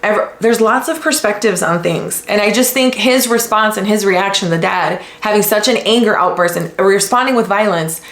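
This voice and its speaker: A woman from the United States hosting a podcast, talking in a blunt, casual way with lots of swearing and animated retellings. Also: mid-range voice. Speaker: podcast host. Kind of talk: casual commentary. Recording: echoey room.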